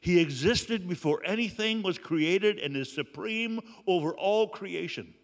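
A man preaching a sermon, earnest and slow, with dramatic pauses. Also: high-pitched, in a large hall. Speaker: pastor.

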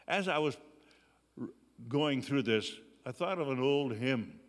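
A man preaching a sermon, earnest and slow, with dramatic pauses. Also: mid-range voice, big pitch swings, big-room sound. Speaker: pastor.

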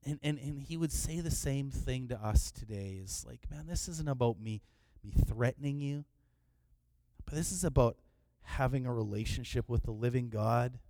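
A middle-aged man preaching a sermon in a relaxed, conversational way, often restarting his phrases. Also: mid-range voice, moderate pace, no echo. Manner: conversational, repeats words when restarting. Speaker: pastor.

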